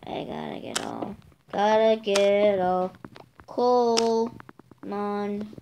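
A woman host giving let's play commentary, excitable, shrieking and yelling at the monsters in her game. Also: medium pitch, drawn-out words, creaky, noisy background. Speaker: gaming channel host.

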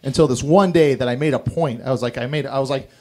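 A man's voice: medium pitch, fast, a little mellow, a little hiss or hum. A young man performing a stand-up routine, telling crude, rambling, self-mocking stories. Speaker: stand-up comedian. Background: audience laughter.

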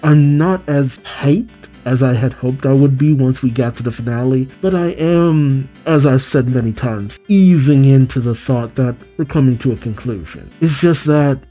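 A man reads a manga chapter aloud as a reaction host and stops now and then for relaxed, offhand remarks. His voice is very dark and mellow, and his delivery is easygoing. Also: mid-range voice, normal speed, few pauses, soft background music. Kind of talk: reading a manga aloud with commentary.

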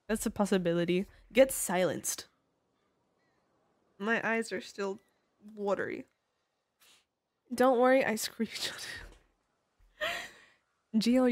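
A woman with a mid-range, darkish voice livestreams a game in a dry recording. Chatting casually with her viewers, she jokes, swears frequently, and laughs often with playful theatrics.

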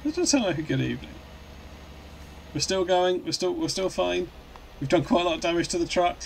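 A man chats on a live stream while he plays a truck game, rambling and good-humoured as he answers viewers and restarts his sentences. His voice sits a touch high for a man, and a faint hum runs behind him. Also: lively intonation, fairly quick, creaky, rough recording.

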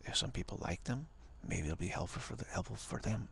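Man, spiritual teacher, deep voice, heavy vocal fry, halting speech, often half-whispered. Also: animated, fairly bright tone, a little hiss or hum. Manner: halting, repeats words, drops to a half-whisper. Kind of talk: informal spiritual talk.

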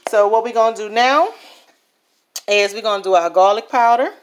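A woman's voice: medium pitch, normal speed. A woman chatting through a home cooking vlog in her kitchen, often checking in with viewers. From New Orleans, USA. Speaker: home cook.

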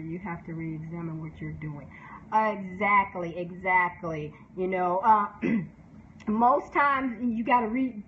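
A woman who is a book promotion specialist giving candid, animated advice in a casual talk, often laughing and briefly mimicking other people's voices. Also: medium pitch. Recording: slightly dull sound with faint background noise.

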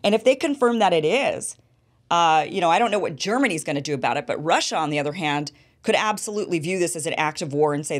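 A woman hosts a political interview with a somewhat low voice. She talks in an animated way and keeps pressing with rhetorical questions. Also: fast. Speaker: show host.

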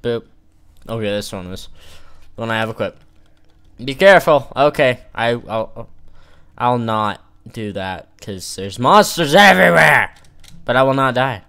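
A man's voice: mid-range voice, lively intonation, a little slow, gravelly, pauses often, bright, forceful tone, smooth. A man giving casual let's-play commentary, teasing and joking with the game's characters as he plays. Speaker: gamer playing an online role-playing game.

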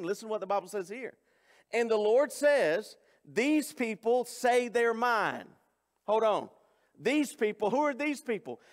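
High-voiced preacher in reverberant church. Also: male voice. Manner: folksy, conversational, talks straight to the congregation. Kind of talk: sermon. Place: church sanctuary. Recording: long church hall reverb.

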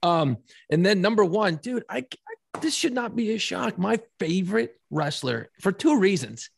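A middle-aged man co-hosting a podcast, telling stories in an animated way with swearing and bursts of laughter. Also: high voice, moderate pace, creaky, husky. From New Orleans area. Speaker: podcast co-host. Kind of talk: casual chat.

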